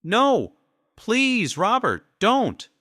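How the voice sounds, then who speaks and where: A woman's voice: wildly swooping pitch, drawn-out words, a bit bright, dry recording, studio quality, full character voice. A man voicing a crying wife who begs her husband in a storybook reading. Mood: pleading. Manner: desperate high pleading. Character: sobbing pleading adult wife.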